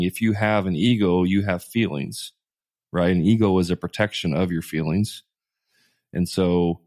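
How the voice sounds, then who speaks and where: Deep-voiced male co-host coaching contractors, blunt and emphatic, hammers his points home. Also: a little mellow. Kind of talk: casual podcast conversation.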